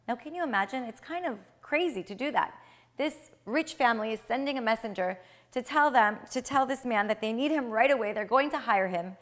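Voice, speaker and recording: A woman retelling a traditional tale aloud, with swings in loudness and slowed, dramatic phrases. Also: a little high, lively intonation. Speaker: storyteller.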